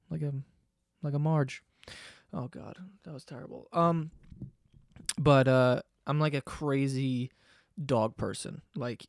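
A young man hosting a podcast, ranting in a casual, animated and profane way. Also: mid-range voice, gravelly, no room sound, studio quality. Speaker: podcast host. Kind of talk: casual monologue rant.

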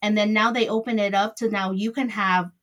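A woman's voice: mid-range voice, fairly even intonation, brisk, fairly bright tone. A middle-aged woman who owns a salon, answering interview questions in a chatty, rambling way with loose grammar. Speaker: salon owner.

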